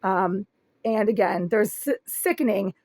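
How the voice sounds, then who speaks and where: A raspy-voiced woman filming a first-person complaint video in a small apartment room on a handheld phone, talking in an aggrieved, detailed and insistent way. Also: mid-range voice, lively intonation, a little slow, darkish tone, dry recording. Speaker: vlogger.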